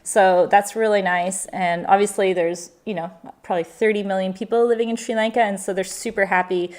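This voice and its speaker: A woman's voice: medium pitch, brisk. A woman in her forties, a travel vlogger and mother, chatting casually on a live Q&A and acting out the voices in her stories. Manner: animated storyteller, acts out quotes.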